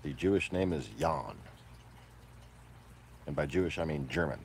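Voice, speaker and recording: A man delivering a profane, combative ranting monologue, moving between low mutters and loud outbursts. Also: moderate pace, gravelly, slight background noise.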